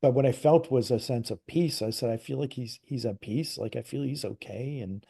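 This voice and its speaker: A man's voice: mid-range voice, normal speed, creaky, slightly rough. A man from Canada, a psychic medium, casually telling a personal story as an interview guest, acting out quoted dialogue with lots of restarts. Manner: animated retelling, acts out quoted dialogue, frequent "like" and restarts.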